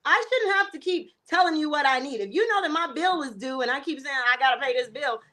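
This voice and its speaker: A woman's voice: high-pitched, expressive, fast talker, sharp tone. A woman talking as a guest on a talk show, blunt and emphatic, often acting out what others say. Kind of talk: casual talk-show chat.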